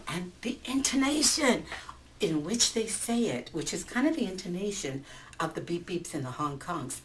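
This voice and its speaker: A woman author walking teachers through her picture book, explaining in an animated way and checking in with frequent asides. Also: lowish voice, distant mic, a little hiss or hum, rough recording. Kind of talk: book talk tutorial for teachers.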